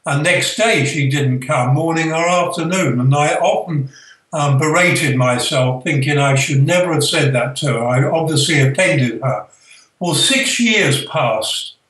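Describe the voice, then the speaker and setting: Older man telling a story, echoey and distant. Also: fairly high pitch. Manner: gentle, earnest, halting with fillers. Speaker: spiritual author and guest. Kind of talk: storytelling, reflective. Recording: echoey room, distant from the mic.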